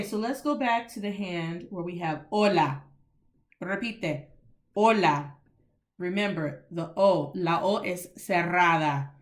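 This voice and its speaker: A woman teaching a relaxed Spanish lesson in a chatty, informal way. She mixes English and Spanish, says "y'all", and spells out words letter by letter for learners. Her voice sits at an ordinary middle pitch. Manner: informal colloquial speech with "y'all". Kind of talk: casual teaching monologue.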